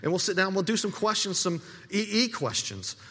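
Pastor, male, high and bright voice, talks through his sermon casually with stuttered restarts, hall reverb. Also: big pitch swings, moderate pace. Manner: conversational preaching with frequent repeated words.

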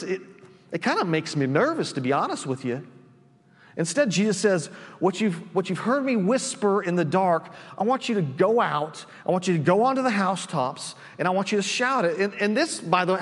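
A pastor with a high voice preaches in a casual, conversational way, often restarting his sentences and checking in with "right?". His voice rings out with a long reverb, as though it fills the church sanctuary. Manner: conversational, frequent restarts and tag questions. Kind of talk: sermon.

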